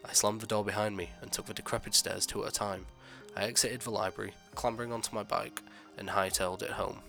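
A man narrating a first-person horror story in a measured, dramatic way. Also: lowish voice, flat delivery, creaky, pushed and bright, faint music behind.

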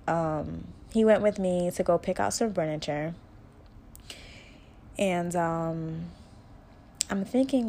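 A woman's voice: fairly low pitch, darkish tone. Candid young woman telling her story. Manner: candid and conversational, full of "like" and "y'all". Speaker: podcast host. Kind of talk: casual personal storytelling.

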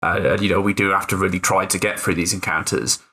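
A man with a very deep voice and a sharp, forceful edge to it, chatting on a gaming podcast. He hesitates a lot and circles back on himself mid-sentence. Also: fairly even intonation, fast talker. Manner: hesitant, many fillers and restarts, swears casually. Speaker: podcast co-host and player. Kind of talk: casual podcast chat.

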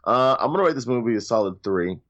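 A man reviewing a movie in casual chat, blunt and slangy, with quick asides. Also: mid-range voice, expressive, a bit bright, highs cut off.

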